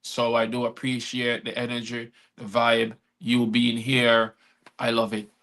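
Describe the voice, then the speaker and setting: A man's voice: mid-range voice, monotone, measured pace, a bit bright. A man hosting a live-stream chat who performs his spoken-word poetry in a rhythmic delivery. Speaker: host and poet.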